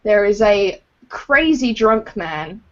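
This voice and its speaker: A woman's voice: medium pitch, animated, slow, a bit bright. A woman, co-hosting a podcast, telling stories in casual chat and laughing often. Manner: laughs often, chatty storyteller. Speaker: podcast co-host. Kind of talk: casual chat over a call. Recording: dull lo-fi call audio.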